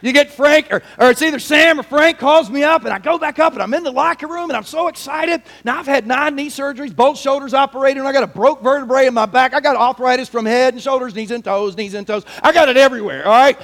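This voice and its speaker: A man in his forties preaching a sermon, animated and shouting at the peaks of his personal stories. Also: extremely high pitch, quick pace, few pauses. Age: 40s. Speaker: pastor.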